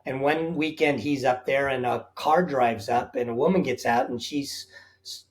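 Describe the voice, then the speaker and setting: A man's voice: medium pitch, normal speed. Earnest man sharing a passion. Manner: earnest, reflective, enumerates points. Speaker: guest, safari company founder. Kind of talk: conversational interview answers.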